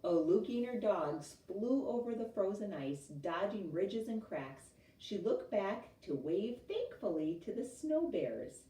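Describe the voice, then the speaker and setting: A woman teacher reading a storybook aloud to a class, expressive and chatty, adding asides to her listeners. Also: medium pitch, measured pace, few pauses. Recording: roomy, mic at a distance.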